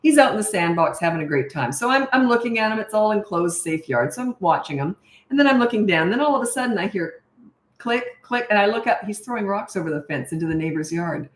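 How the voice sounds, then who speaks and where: Animated self-mocking woman coach. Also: medium pitch, quick pace, roomy sound. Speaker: parenting coach. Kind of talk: casual storytelling Q&A.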